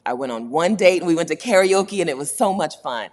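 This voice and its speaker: A woman's voice: fairly low pitch, animated, a little fast. A woman hosting a casual livestream chat, talking candidly and laughing often. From United States. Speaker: host.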